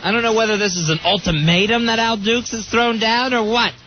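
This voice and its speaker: A man's voice: high voice, steady tone, brisk. A man co-hosting a radio talk show, tossing in short quips. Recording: dull lo-fi radio broadcast with faint noise.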